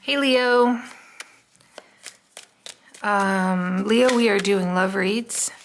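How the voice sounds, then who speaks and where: A woman's voice: mid-range voice, very slow, gravelly, slight background noise. A woman doing a casual, chatty tarot reading, musing aloud with many "um" fillers. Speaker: tarot card reader.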